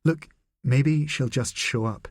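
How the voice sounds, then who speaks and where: A man's voice: mid-range voice, slow, a little mellow, no room sound, studio quality, pitched above the performer's own voice, close to an everyday voice. A man reading the part of a blunt, profane senior male spy chief in an audiobook, with a brusque, candid manner.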